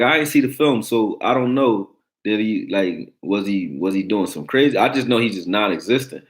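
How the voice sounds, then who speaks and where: Deep-voiced blunt sports talk host. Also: male voice. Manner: blunt, profane, joking, reacting to chat. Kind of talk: casual sports talk livestream.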